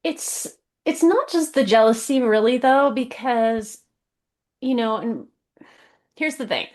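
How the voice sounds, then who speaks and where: A woman's voice: a little high, expressive, takes it slowly, darkish tone. A woman podcast co-host in casual chat, thoughtful and playful.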